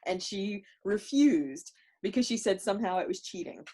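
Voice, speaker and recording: A chatty woman co-hosting a casual podcast, talking over a video call. Her voice sits at a medium pitch, and she tells her stories at an easy conversational clip. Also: lively intonation, normal speed, warm tone. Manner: chatty storyteller. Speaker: podcast co-host. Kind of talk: casual chat.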